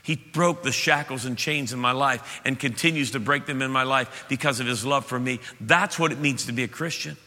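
A male pastor preaching an impassioned sermon to his church, swelling to loud peaks. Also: mid-range voice, a little fast, hardly any pauses. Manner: impassioned, rising to shouts at peaks. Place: church auditorium. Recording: reverberant church hall.

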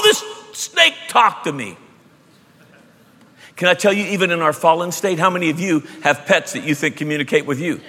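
A man preaching a sermon, emphatic, moving between loud bursts and hushed asides. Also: on the high side. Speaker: pastor. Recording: long hall reverb.

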